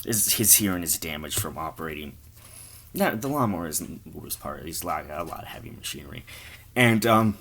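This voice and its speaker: A man's voice: low-pitched, lively intonation, normal speed, gravelly, pauses often, a bit bright, husky. A man improvising a crude comic story, rambling and stammering as he goes. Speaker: comedy storyteller.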